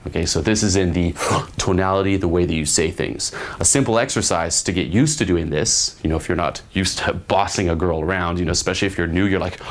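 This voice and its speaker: A man's voice: sits low, brisk. A man giving blunt, profane dating advice to camera, full of fillers and acted-out example lines. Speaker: dating coach. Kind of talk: instructional talk to camera.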